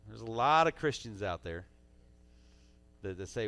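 A man preaching a sermon as pastor, swinging between loud urging and quiet asides in a church sanctuary on a stage mic. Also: mid-range voice, animated, moderate pace, long pauses.

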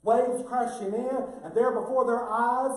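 A man's voice: very high-pitched, fairly even intonation, unhurried. A male pastor preaching a sermon in a folksy, emphatic way that builds toward fervor. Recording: very echoey, mic far off.

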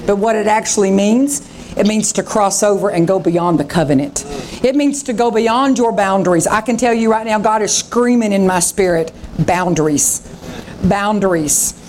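A woman's voice: mid-range voice, normal speed, darkish tone, slight background noise. A woman pastor preaching a revival sermon, fervent and dramatic, acting out the voices of scripture.

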